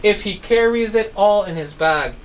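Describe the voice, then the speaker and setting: During an online phonics lesson, a woman narrates a simple story to children and repeatedly asks if they understand. She speaks at medium pitch and moderate pace; a distant microphone captures her along with faint background noise.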